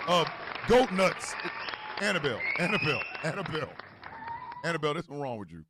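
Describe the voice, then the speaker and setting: A male show host with a mix of New Jersey and Missouri accents who gives a loud, profane political rant, with bursts of shouting. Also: a little high, very animated, quick pace, over a noisy crowd, heavy background noise.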